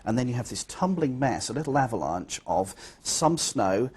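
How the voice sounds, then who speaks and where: A man's voice: mid-range voice, very animated, normal speed, a little mellow, breathy edge. A man, a scientist, answering interview questions thoughtfully with occasional fillers.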